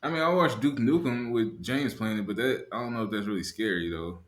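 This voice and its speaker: A man co-hosting a podcast, telling a story in a casual chat: animated and profane, laughing mid-sentence. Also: on the low side, fairly quick, reverberant, a loud crowd. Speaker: podcast co-host.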